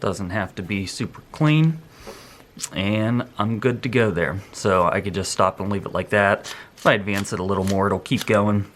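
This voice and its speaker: A man with a low voice talks through a hands-on tutorial while he works. His delivery is relaxed and rambling, with restarts as he thinks aloud. Faint background noise and small handling clicks sit under his voice. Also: normal speed. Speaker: photography instructor.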